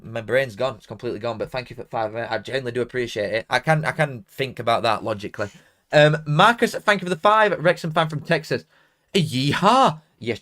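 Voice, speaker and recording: A young man from Barnsley, South Yorkshire, England, chats casually on a live football watchalong in a mid-range, slightly bright voice. He rambles, mocks himself and uses broad dialect grammar while reading out donations, all in his Barnsley accent.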